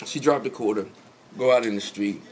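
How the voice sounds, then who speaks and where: Man podcast host, casual slangy storyteller, mid pitch, faint background hiss. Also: fairly quick, darkish tone. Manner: loose, slangy storytelling full of filler tags. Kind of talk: casual chat, retelling a movie.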